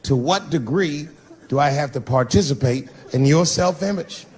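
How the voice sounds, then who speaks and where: A man performing a stand-up comedy set, telling a profane story with animated delivery and sudden jumps in his voice. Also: on the high side, normal speed, slight background noise.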